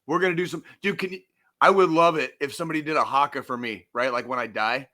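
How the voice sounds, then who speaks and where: A man co-hosting a veterans' podcast, ranting and swearing loudly through casual chat. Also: fairly high pitch, fairly even intonation, fast talker. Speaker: podcast co-host.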